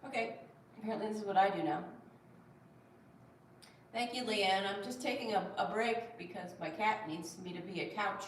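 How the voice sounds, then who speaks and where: A woman's voice: mid-range voice, normal speed, slight background noise. A woman hosting a casual livestream. She reads viewer comments aloud and coos at her cat. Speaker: livestream host. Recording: very echoey room, distant mic, faint ambience.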